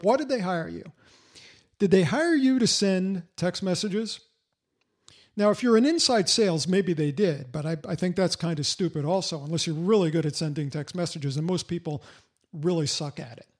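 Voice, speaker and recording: Blunt older man coaching, high voice. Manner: blunt, emphatic, lecturing. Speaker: sales coach. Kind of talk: podcast monologue.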